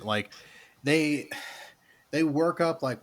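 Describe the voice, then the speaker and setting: A man's voice: medium pitch, lively intonation. Blunt man swearing through a film rant. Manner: blunt, heavy swearing, halting restarts. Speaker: podcast co-host. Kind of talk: casual film discussion.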